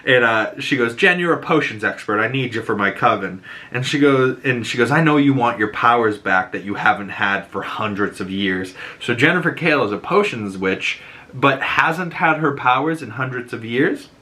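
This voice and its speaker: A young man with a Boston accent casually recapping a TV episode, animated and laughing often, acting out quotes in higher voices. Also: normal speed. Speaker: show reviewer.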